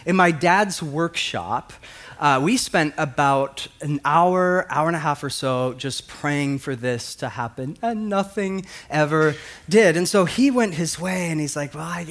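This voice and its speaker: A man's voice: fairly high pitch, unhurried, a bit bright. A male pastor preaching a sermon, telling a personal story and acting out the voices of the people in it.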